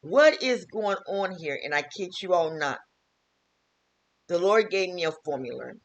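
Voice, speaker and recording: A woman's voice: on the low side, animated, a little slow, highs cut off. Earnest woman vlogging from her kitchen. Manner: earnest, repetitive, testimonial. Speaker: health vlogger and teacher. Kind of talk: casual home wellness vlog. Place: home kitchen.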